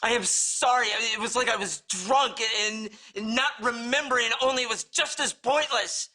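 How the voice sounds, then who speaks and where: Billy, a remorseful husband. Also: male voice, very high voice, normal speed, bright, forceful tone, heavily acted. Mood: pleading. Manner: earnest, defensive, pleading. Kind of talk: TV drama acting.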